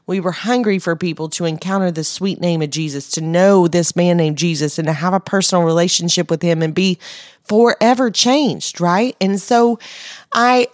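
Woman telling a faith testimony, earnest and urgent, lowish voice, dry close sound. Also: no echo. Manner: earnest, long run-on sentences strung with "and"; grows urgent and exhorting. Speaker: Christian speaker sharing a mission testimony. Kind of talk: spoken testimony and exhortation.

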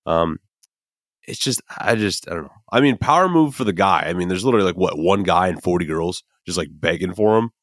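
Low-voiced and animated, a young podcast host from the American Midwest talks a little fast, with a slightly bright tone. The recording is clean studio sound with no room character, and his rambling, emphatic commentary is casual, full of fillers, and sprinkled with the odd curse word.

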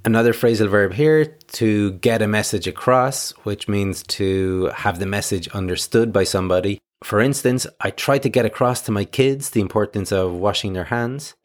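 A man hosting an English lesson, calmly explaining phrases and giving examples. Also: fairly low pitch. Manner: clear, measured explaining with examples. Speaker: English teacher host. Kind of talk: scripted explanation.

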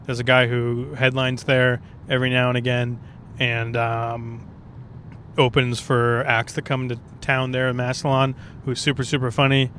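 A man's voice: mid-range voice, monotone, moderate pace, fairly bright tone, slight background noise. A man who is a stand-up comedian talking casually and profanely in a rambling solo podcast monologue, recorded on the road. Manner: rambling, profane, laid-back.

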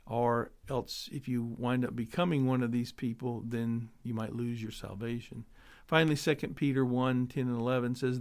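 Measured male Bible teacher. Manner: measured, explanatory, trails off low at ends of points. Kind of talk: theology lecture with scripture reading.

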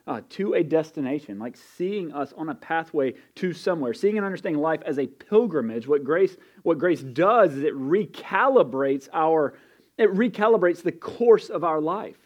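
A man's voice: a little high, animated, moderate pace. A man preaching a sermon in an earnest way, repeating key phrases and building intensity as he goes. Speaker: pastor.

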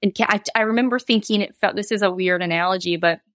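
A woman's voice: medium pitch, fast talker, fairly bright tone, no room sound. A woman in her thirties, a guest telling a personal story in a candid, rambling way, with laughs and quoted asides. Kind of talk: casual interview storytelling.

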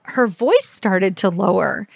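A woman's voice: mid-range voice, very animated, takes it slowly, vocal fry, dry recording, studio quality. Chatty woman podcast coach. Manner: conversational, fillers like "like" and "right?"; earnest, coaching tone. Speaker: leadership coach and podcast host. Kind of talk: solo podcast monologue.

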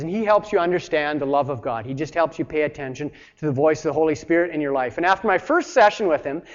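A man preaching a sermon in an earnest, plain-spoken way, talking straight to his listeners and acting out voices when he quotes someone. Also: on the high side. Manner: acts out voices when quoting. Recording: dull sound with long reverb.

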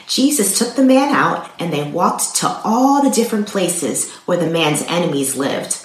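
Earnest woman storyteller, lower voice, very animated, echoey room. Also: normal speed, hardly any pauses, slight background noise. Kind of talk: devotional storytelling. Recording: roomy echo.

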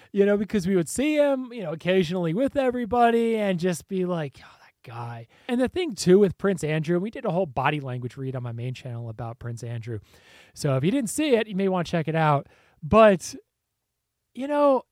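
Guy chatting over clips, laughs a lot, kinda high voice, dead dry sound. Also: dry recording. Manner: chatty, laughs often, mimics voices in quotes. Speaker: commentator reacting to clips. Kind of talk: casual commentary on video clips.

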